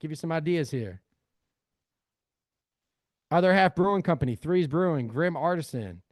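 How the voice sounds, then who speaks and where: A man's voice: a little high, lively intonation, moderate pace, no echo, clean studio sound. A man leading a live screen-share workshop, talking energetically and calling his audience family. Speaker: real estate AI trainer.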